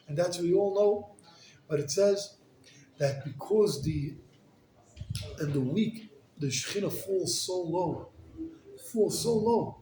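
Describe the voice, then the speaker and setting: A male rabbi preaching in a chatty, lively storytelling way, with filler words all through. His voice sits a little high. The sound bounces around a roomy space with a faint hiss behind it. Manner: animated, casual, lots of "like" and "you know". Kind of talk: storytelling sermon. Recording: echoey room with faint noise.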